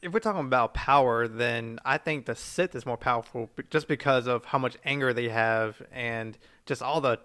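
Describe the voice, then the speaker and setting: A male podcast co-host dropping brief, laughing remarks in casual chat. His tone is bright and forward. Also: medium pitch, moderate pace, hardly any pauses.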